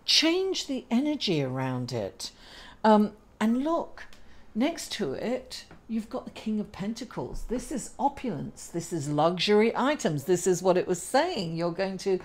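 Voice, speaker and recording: A woman's voice: mid-range voice, darkish tone. A woman reading tarot cards in a chatty way, laughing at herself now and then. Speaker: astrologer and tarot reader. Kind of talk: casual tarot reading to camera.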